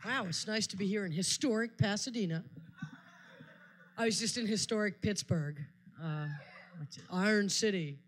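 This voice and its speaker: A woman's voice: medium pitch, moderate pace, pauses often. A woman doing a stand-up set on a live stage, telling stories in a dry, wry way. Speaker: stand-up comedian.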